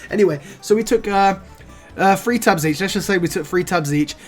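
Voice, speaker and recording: A young man in his 20s with a high voice speaks briskly over soft background music, telling a casual story for his vlog. He's animated, swears often, and says "bro" a lot.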